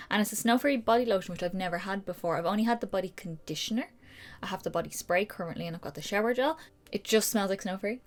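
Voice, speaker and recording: A young woman talks through a beauty haul in a casual vlog from her decorated room at home. She rambles along, chatty and enthusiastic, at an ordinary pitch. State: out of breath. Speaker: beauty vlogger.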